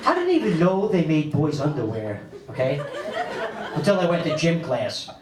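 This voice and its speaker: A man, doing a stand-up comedy set on a club stage with animated storytelling and big pitch swings for punchlines. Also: normal speed. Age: 50s. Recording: echoey club audio, mic a bit distant, loud crowd laughter.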